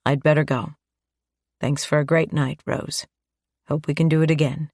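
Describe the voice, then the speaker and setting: A woman narrator voicing a gentle, playful grown man in an audiobook, relaxed and teasing. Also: low voice, moderate pace, dry recording, clean studio sound. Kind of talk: audiobook dialogue.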